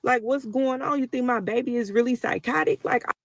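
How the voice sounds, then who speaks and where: A woman's voice: sits high, brisk, gravelly, no echo. A mother telling a personal story to viewers in a casual, emotional way, talking straight to them as y'all. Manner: talkative, emotional, addresses listeners as y'all.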